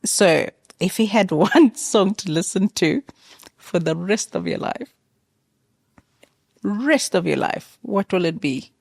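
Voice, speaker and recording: A woman's voice: mid-range voice, lively intonation, slow pace, vocal fry, pauses often, dry recording, clean studio sound. A woman hosting a casual interview, who asks questions and backs up her guest with frequent yeahs. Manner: warm affirmations, frequent yeahs. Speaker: interview host.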